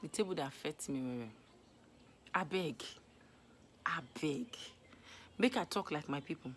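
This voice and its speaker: Young Nigerian woman, casual vlog monologue, animated and scolding, lowish voice. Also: a little slow, pauses often, a little hiss or hum. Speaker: vlogger. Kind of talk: casual Pidgin advice monologue.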